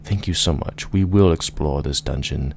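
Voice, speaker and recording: A man's voice: rumbling low, moderate pace, gravelly, darkish tone, slight background noise. A man doing a polite, folksy hobbit. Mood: eager.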